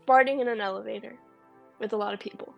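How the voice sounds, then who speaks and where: A woman's voice: on the high side, steady tone, fast talker, vocal fry, dull audio, soft background music. A woman co-hosting a casual film podcast, talking eagerly with lots of ums. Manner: enthusiastic, chatty, lots of ums. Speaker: podcast co-host.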